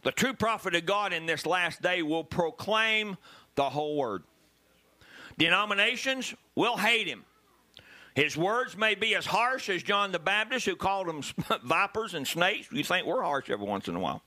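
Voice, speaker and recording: A male pastor preaches with lively, swooping pitch and a very bright, forceful tone. His voice sits high for a man, and he swings between quiet asides and loud, punchy lines. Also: normal speed. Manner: animated preaching with sudden loud emphasis. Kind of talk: sermon.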